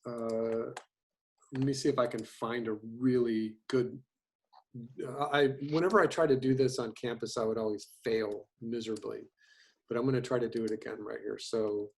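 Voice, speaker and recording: A man's voice: medium pitch, steady tone, darkish tone. A man in his fifties who teaches animation, chatting casually on a video call and rambling with lots of ums and restarts. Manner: rambling, halting, many fillers.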